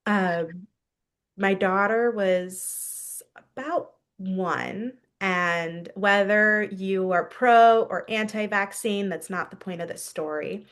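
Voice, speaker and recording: A woman's voice: medium pitch, slow pace, a bit bright. A woman in her thirties, a podcast guest, telling a personal story candidly and laughing now and then.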